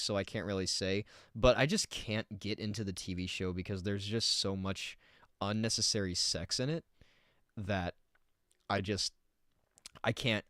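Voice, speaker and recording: Low-voiced man in casual reaction commentary. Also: fairly bright tone, no room sound, studio quality. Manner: rambling, argues back at the video. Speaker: streamer reacting to a video.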